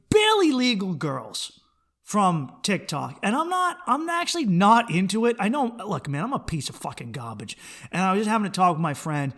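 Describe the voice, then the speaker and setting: This is a man with a high, bright-pitched voice, running his own podcast as a comedian. He talks in a rambling, profane comic monologue, dropping into low mutters and then jumping up into excited bursts. He often stumbles and repeats words as he restarts a thought.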